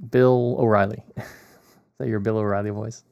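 A man co-hosting a film podcast, talking in a relaxed, rambling way with lots of fillers. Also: lowish voice, normal speed, vocal fry, no room sound, dull audio. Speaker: podcast co-host. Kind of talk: casual podcast chat. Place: Hong Kong.

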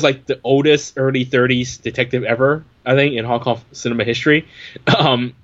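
A man's voice: mid-range voice, a bit bright. A man reviewing a film in casual chat, wry and chatty with many fillers. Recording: dull lo-fi recording.

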